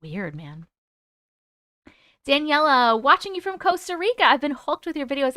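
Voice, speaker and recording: A woman hosting a live stream, reading viewer comments aloud and greeting people in a bubbly, chatty way with a high, squeaky voice. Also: sing-song, moderate pace, bright, forceful tone, no echo, studio quality. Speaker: host reading live chat. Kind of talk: casual live-stream chat.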